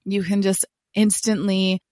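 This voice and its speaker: A woman's voice: mid-range voice, little pitch movement, a little slow, darkish tone, no echo, clean studio sound. A woman co-hosting a podcast in casual chat, talking freely and laughing often. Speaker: podcast co-host.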